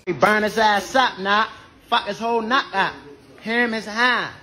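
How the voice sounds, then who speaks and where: Man, slangy rambling banter, high-ish voice, noisy phone video. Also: steady tone, normal speed. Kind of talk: casual rowdy banter.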